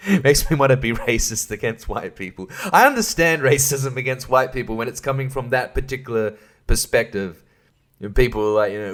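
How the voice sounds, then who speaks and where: A man's voice: mid-range voice, animated, moderate pace, a bit bright. A man hosting a solo podcast, ranting in a profane, irreverent way and laughing mid-sentence. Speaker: podcast host. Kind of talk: casual solo podcast rant.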